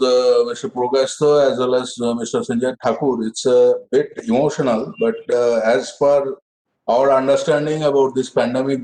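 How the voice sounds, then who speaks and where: A man, an official answering business owners in a webinar in a measured, formal way. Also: medium pitch, darkish tone, echoey room, rough recording. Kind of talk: webinar discussion. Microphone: video call.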